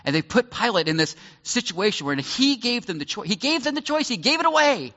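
Male pastor, casual teaching sermon; animated, bright voice, reverberant sanctuary. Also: extremely high pitch, a little fast. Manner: conversational, explains and acts out scenes. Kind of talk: sermon, verse-by-verse Bible teaching. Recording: echoey hall, slightly dull sound.

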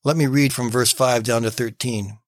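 A man hosting a short morning devotional, telling stories and reading scripture aloud with gentle emphasis. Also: mid-range voice, fairly even intonation, normal speed, no echo, studio quality. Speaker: devotional radio host.

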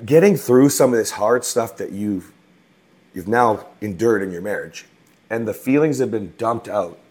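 A man with a husky, somewhat low voice co-hosting a marriage talk. He gives advice in a relaxed, conversational manner, often tagging his points with quick questions to the listener. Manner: relaxed, explains with tag questions. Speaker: marriage coach co-host.

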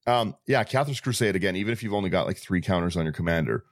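A man's voice: low-pitched, expressive, fast, no echo, clean studio sound. A man co-hosting a casual group podcast, talking through game strategy with frequent restarts and repeated words. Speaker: podcast co-host. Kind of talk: casual group chat about a card deck.

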